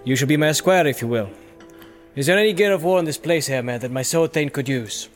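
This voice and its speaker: A man voicing an aged, gracious king who speaks in formal, measured tones, in an audiobook reading. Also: a little high, soft background music, voice pushed up, close to an everyday voice.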